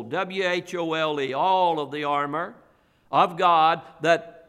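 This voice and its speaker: A male pastor preaching a sermon in a church, with slow, emphatic delivery and repeated phrases. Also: on the high side, bright, forceful tone, smooth. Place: church sanctuary. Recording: long hall reverb.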